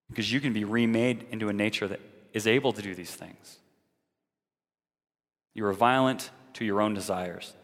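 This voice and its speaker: Guy preaching a sermon, mid pitch, big hall echo, earnest and direct. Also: fairly bright tone.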